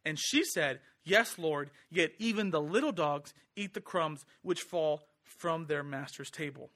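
A young man preaching a sermon, conversational and animated, acting out the quoted lines. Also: a little high, a little slow.

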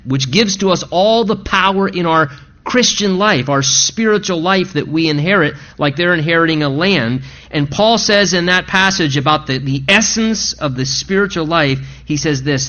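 An earnest man preaches a sermon, and his fairly high voice climbs as he presses his points. He slows down to read scripture aloud. The recording is dull and lo-fi. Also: lively intonation, bright, forceful tone. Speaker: pastor.

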